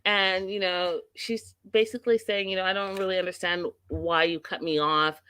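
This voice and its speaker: A woman hosting a live TV recap stream, giving blunt opinions and reading viewer comments aloud in a casual, animated way. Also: on the low side, moderate pace, clean tone. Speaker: host of a live TV recap show.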